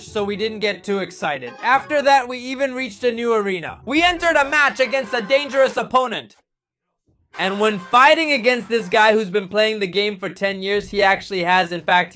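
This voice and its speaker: A man hosting a gaming channel, narrating matches with excited commentary and cheering and cursing at the plays. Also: very high voice.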